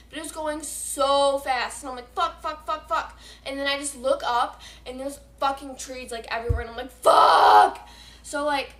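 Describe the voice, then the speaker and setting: Bright-voiced teen girl telling a story. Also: high-pitched, reverberant. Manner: profane, excitable, rambling with many fillers. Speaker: vlogger. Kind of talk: casual storytime vlog.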